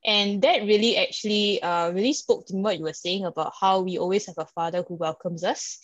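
A chatty woman with a Singaporean English accent, talking casually as a podcast co-host and tossing in "like" and "right?" constantly. Her voice sits at a middling pitch. The recording is dry and a little dull, with no room sound. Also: brisk, dry recording. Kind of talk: casual chat.

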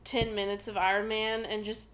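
A woman co-hosting a casual podcast, chatty, with quick backchannels and jokes. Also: mid-range voice, little pitch movement, fairly bright tone, slight background noise. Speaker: podcast co-host.

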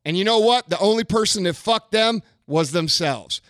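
A man's voice: sits high, animated, normal speed, fairly bright tone, dry recording, studio quality. A man hosting a podcast, delivering a blunt, profane, confrontational monologue. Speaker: podcast host. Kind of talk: ranting monologue.

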